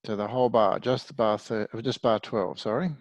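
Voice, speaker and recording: A man's voice: lowish voice, steady tone, moderate pace, no echo. A man teaching a one-to-one music lesson, patiently explaining things step by step.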